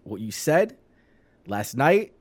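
A man from Long Island co-hosting a podcast, talking casually with swearing and halting restarts. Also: mid-range voice, sing-song. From Long Island, New York. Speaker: podcast co-host. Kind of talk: casual chat.

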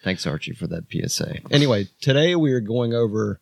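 A man's voice: lowish voice, big pitch swings, moderate pace, creaky, few pauses, darkish tone, dry recording. Male podcast host: casual, joking, swears freely, dry recording. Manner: loose, joking, swears a lot.

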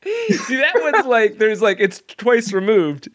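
Laughing, enthusiastic higher-voiced man. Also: big pitch swings, takes it slowly, no echo, studio quality. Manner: enthusiastic, laughs often, filler-heavy. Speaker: host. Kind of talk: casual conversation on a call.

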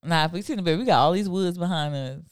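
A woman co-hosting a casual podcast chat, brash and quick to laugh and curse. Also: lowish voice, no room sound, studio quality. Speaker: podcast co-host.

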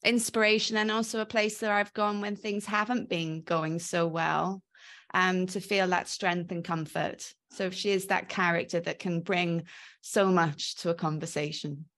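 A woman's voice: on the low side, little pitch movement, unhurried, a bit bright. A woman in her forties with a blended Welsh and Australian accent, telling her life story as an interview guest, reflective and full of ums. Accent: mixed Welsh and Australian. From South Wales. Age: 40s. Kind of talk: casual interview chat.

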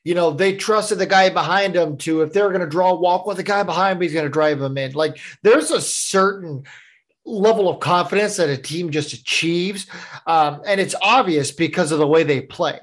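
A man's voice: high voice, normal speed, a bit bright. A man co-hosting a podcast, talking casually and easygoing with plenty of fillers. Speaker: podcast co-host. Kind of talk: casual sports chat.

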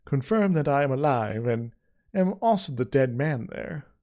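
A man's voice: medium pitch, lively intonation, moderate pace, warm tone, close to an everyday voice. A man voicing a casual, teasing young man who talks breezily with stumbling restarts.

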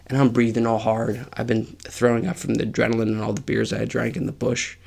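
A man in his forties tells a story on his own podcast, with a gravelly, creaky edge to his voice. He talks casually and with life, and his pitch sits right in the middle. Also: flat delivery, moderate pace. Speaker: podcast host.

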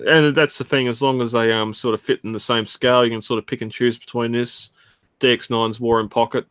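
A man hosting a casual chat show, relaxed and laughing often. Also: mid-range voice, fairly quick, clean tone, no room sound. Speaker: podcast host.

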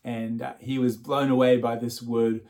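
A man's voice: mid-range voice, level tone, normal speed, a little mellow. A man preaching an Easter sermon. He chuckles often and repeats words as he starts his phrases. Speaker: pastor.

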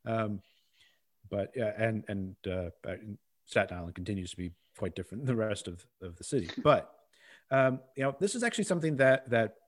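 Low-voiced, easygoing podcast man. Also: lively intonation, fairly quick. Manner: conversational, loose, with fillers and asides. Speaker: podcast co-host. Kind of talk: casual discussion.

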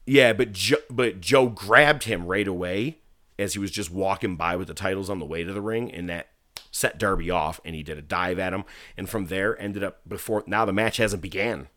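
A man's voice: sits low, normal speed, dry recording, studio quality. A man co-hosting a casual wrestling podcast, telling stories with lots of swearing and acting out what people said. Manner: animated storyteller, swears freely, acts out quotes. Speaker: podcast co-host.

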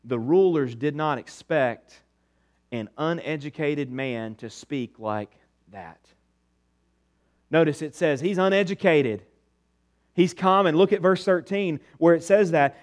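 Man, pastor, high voice, sermon, rhetorical questions, soft drops on key words.

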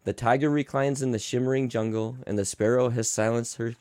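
A man of average pitch reads a bedtime story aloud in a mock-soothing way, breaking into curses. He sits close to the mic in a dead, dry studio sound. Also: steady tone, brisk, darkish tone, no room sound. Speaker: podcast co-host. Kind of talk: casual chat and reading a story aloud.

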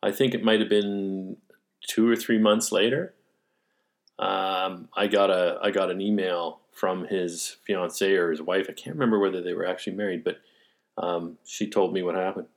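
A man interviewing an old colleague in a relaxed chat, rambling through memories with many restarts and fillers. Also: deep voice, normal speed. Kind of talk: casual conversation.

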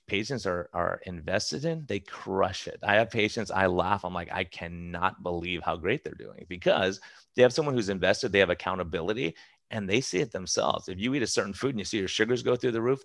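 Fast-talking gravelly man, a doctor. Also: sits low, dry recording, clean studio sound. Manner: fast, emphatic, many restarts and acted-out quotes. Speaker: preventive medicine doctor. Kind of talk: casual interview talk.

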